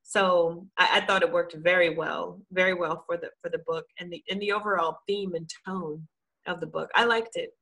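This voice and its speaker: A woman's voice: fairly low pitch, steady tone, normal speed, gravelly, a bit bright, poor audio. A woman book reviewer giving a thoughtful conversational review, restarting phrases as she works out her points.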